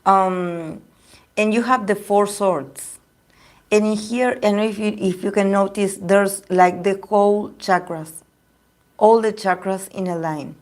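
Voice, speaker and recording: A woman's voice: mid-range voice, fairly even intonation, unhurried, a little mellow. A woman whose first language is Spanish, giving a casual tarot reading to camera and often searching for words. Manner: hesitant, searching for words, many fillers. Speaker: tarot reader.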